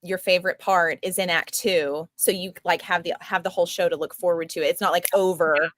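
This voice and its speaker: A woman's voice: fairly low pitch, fairly even intonation, fairly quick, fairly bright tone, no room sound. A woman hosting a live chat, gushing and enthusiastic about the show. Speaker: host. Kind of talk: casual live interview.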